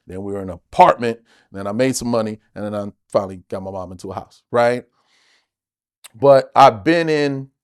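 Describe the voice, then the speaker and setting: A man from the United States, an actor guest telling stories in a casual interview, animated and emphatic, with plenty of swearing. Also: medium pitch, no echo, clean studio sound.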